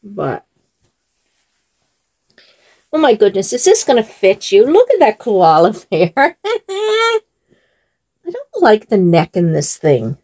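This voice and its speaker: Giggly, animated woman chatting slowly. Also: medium pitch, husky. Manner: chatty and giggly, laughs often. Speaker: doll channel vlogger. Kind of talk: casual chat while dressing dolls.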